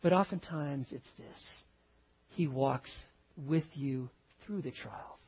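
A man preaching a sermon, telling a story with animated swings from loud exclaims to hushed, tender lines. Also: medium pitch, slow pace, breathy edge, dull audio. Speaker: pastor.

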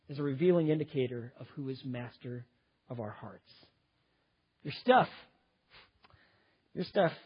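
A slightly high, husky male voice delivers a sermon, climbing to loud emphasis and dropping to near-hushed intensity. The recording sounds muffled and lo-fi. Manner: dynamic preaching, swings between loud emphasis and quiet intensity. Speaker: pastor.

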